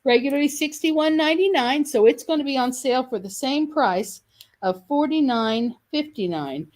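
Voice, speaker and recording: A woman's voice: high voice, expressive, moderate pace, a little mellow. Chatty woman selling quilt kits. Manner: chatty, enthusiastic, self-correcting. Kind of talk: live sales video.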